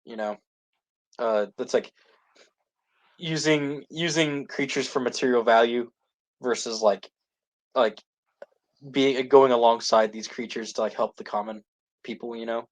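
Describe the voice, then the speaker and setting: A man's voice: mid-range voice, measured pace, pauses often. A man co-hosting a podcast, recapping a series in casual chat full of "like" and restarts. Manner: rambling, heavy use of "like" and restarts. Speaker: podcast co-host.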